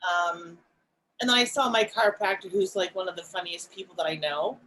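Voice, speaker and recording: A woman co-hosting a podcast, talking in a reflective, casual way, soft-spoken and pausing often with fillers. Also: fairly low pitch, slight background noise, rough recording. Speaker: podcast co-host.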